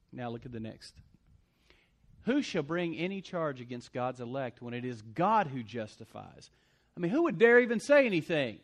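A man preaching a sermon as pastor, swinging between loud punchy lines and quiet asides. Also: medium pitch.

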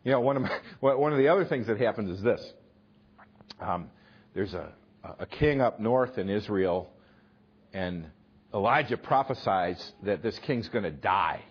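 Male preacher, husky, animated and emphatic sermon delivery, dull lo-fi sound. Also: fairly low pitch, unhurried. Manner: animated, emphatic retelling with sudden loud punches. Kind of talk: sermon storytelling.

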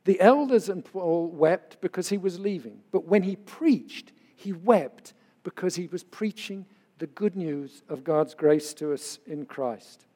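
An older man, a pastor, preaching in an earnest, conversational way and telling personal stories. His voice sits high for a man. Long reverb trails behind him as it carries through a hall. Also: lively intonation, measured pace, mellow. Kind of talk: sermon.

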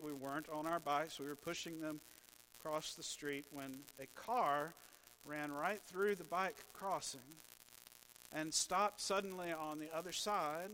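A man preaching a sermon as pastor, telling stories in a slow, measured way with dry humor. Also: on the high side, bright, forceful tone, slight background noise, low-quality recording.

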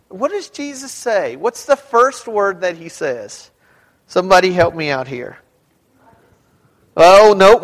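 A man preaches a sermon in a conversational way, throwing questions out to the congregation. His voice sits high and he takes his time, and at points he climbs up into a shout. The sound carries a long reverb from the church hall around him. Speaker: pastor.

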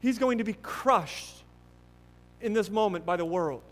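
A man preaching a sermon earnestly and emphatically, with many restarts, swinging between loud stresses and hushed passages. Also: high voice, unhurried, big-room sound. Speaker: pastor.

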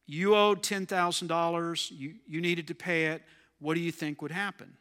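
A man's fairly high, somewhat bright voice carries through a big room at a normal pace. He delivers a sermon conversationally, often asking the congregation questions.

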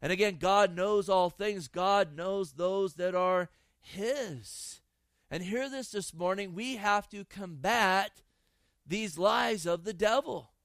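A man's voice: sits high, slow, fairly bright tone, no room sound. A male pastor preaching an impassioned sermon outdoors in a garden, repeating phrases for emphasis.

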